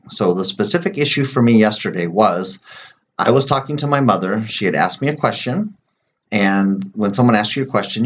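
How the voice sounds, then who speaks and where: A man explaining and demonstrating a tapping routine, speaking slowly and plainly with many fillers and pauses, sometimes murmuring repeated phrases softly. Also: fairly low pitch. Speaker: EFT tapping practitioner.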